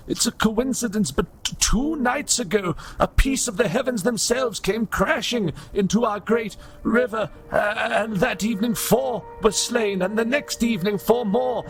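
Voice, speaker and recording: A man playing an old, spindly, broken male robot priest who pleads desperately and haltingly. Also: high voice, breathy edge, pitched above the performer's own voice, heavily acted. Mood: pleading.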